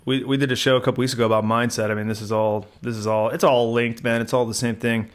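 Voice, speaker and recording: A middle-aged man chatting casually on a podcast, telling lively stories, swearing freely and acting out other people's voices. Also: medium pitch, fast. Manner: animated storyteller, acts out voices, swears casually. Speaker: podcast co-host.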